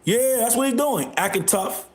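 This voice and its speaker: Man, livestream host, high voice, confrontational, loud, repetitive, echoey room. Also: animated, normal speed, vocal fry. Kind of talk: live stream rant reacting to chat.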